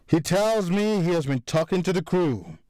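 A man voicing a furious middle-aged crime boss, talking loud and sarcastic as he accuses his crew. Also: on the high side, animated, a little slow, no room sound, clean studio sound, pitched above the performer's own voice. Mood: angry. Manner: angry, raised and sarcastic.

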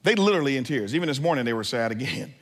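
A man preaching as a pastor, telling a family story with lively asides to the congregation. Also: mid-range voice, racing. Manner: animated, acts out family scenes. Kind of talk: sermon.

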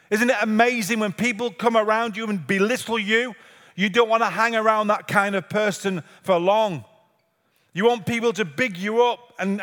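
A man's voice: high-pitched, a bit bright. A man pastor giving a sermon in a church, earnest and repetitive, driving points home with rhetorical questions. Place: church sanctuary. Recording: reverberant church hall.

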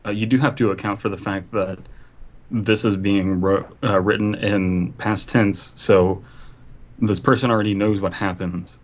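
A man co-hosting a podcast, making measured, analytical points in casual chat. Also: fairly low pitch, fairly even intonation. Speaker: podcast co-host.

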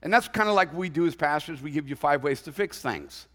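High-pitched guy preaching, chatty and jokey, lots of echo from a big church hall. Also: lively intonation, brisk, a bit bright. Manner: conversational preaching with humorous asides and acted quotes. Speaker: pastor. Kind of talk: sermon. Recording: long hall reverb.

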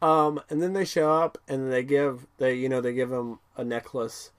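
A man's voice: medium pitch, normal speed, clear, resonant tone. A man co-hosting a podcast, rambling through a casual episode recap with many fillers and laughs. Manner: rambling, with many fillers and laughs, bursts into excited character quotes. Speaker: podcast co-host.

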